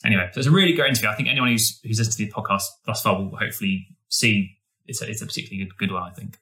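Brisk, bright-voiced male podcast host. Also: fairly low pitch. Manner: enthusiastic, rambling with restarts. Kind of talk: casual podcast chat.

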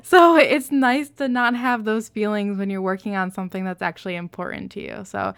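A woman's voice: medium pitch, fairly quick, vocal fry, clear, resonant tone. A young adult woman hosting a podcast, chatting casually and acting out dialogue with laughs. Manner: animated, laughing, acts out dialogue. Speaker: podcast host.

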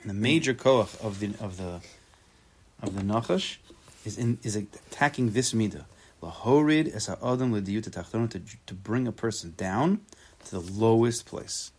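A man teaching a relaxed Torah class, translating the text phrase by phrase, with joking asides and repeated words as he thinks aloud. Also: on the low side, moderate pace, slightly rough. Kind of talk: casual spoken Torah class.

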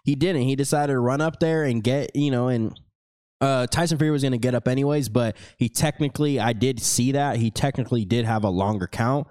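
A young man co-hosting a podcast, talking in a loose, profane and animated way in casual chat. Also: medium pitch, brisk, no room sound, studio quality. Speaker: podcast co-host.

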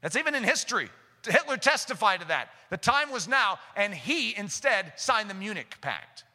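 A man preaching a sermon, his high, sharply bright voice ringing through a long hall reverb. He talks steadily and then climbs into impassioned, shouted prayer. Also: very animated, moderate pace.

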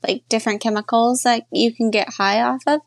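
Joking woman with a higher voice. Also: fairly even intonation, dry recording, clean studio sound. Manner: joking, drawn-out asides with many fillers. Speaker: podcast co-host. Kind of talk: casual banter.

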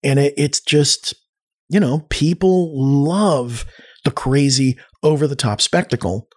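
Male guest telling rambling, animated stories in a relaxed chat. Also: a little high, unhurried. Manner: rambling, animated storyteller with many restarts. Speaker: podcast guest. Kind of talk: casual storytelling chat.

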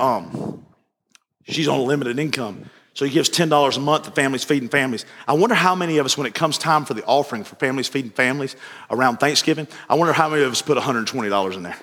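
High, bright-voiced preaching man in a reverberant hall. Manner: rising to impassioned preaching, repeats phrases. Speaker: pastor. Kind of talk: evening sermon storytelling.

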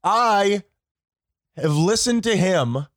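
A man's voice: high voice, expressive, drawn-out words, fairly bright tone, no echo, clean studio sound. Hungover, profane man ranting animatedly. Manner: profane, exasperated storytelling. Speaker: podcast co-host. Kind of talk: casual comedic chat.

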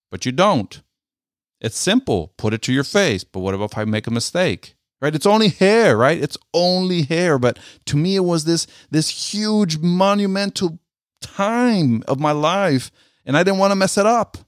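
A middle-aged man, a military veteran, telling a personal story in an earnest, halting way and often repeating his words. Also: on the high side, no room sound, clean studio sound.

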